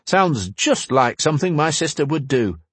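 A man's voice: fairly high pitch, big pitch swings, moderate pace, a bit bright, slightly rough, no room sound, pitched above the performer's own voice, heavily acted. A man voicing a teasing young man in a storybook reading, wry and joking.

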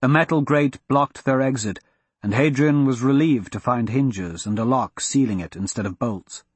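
A man narrating a fantasy audiobook in a steady, measured storytelling manner. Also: medium pitch, breathy edge, dry recording.

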